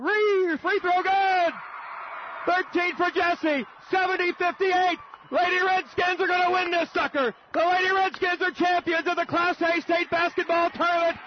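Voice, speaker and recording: A man calling a basketball game on radio, shouting and repeating his calls in excitement. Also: very high voice, a little slow, noisy background. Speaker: radio play-by-play announcer. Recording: dull old radio broadcast recording.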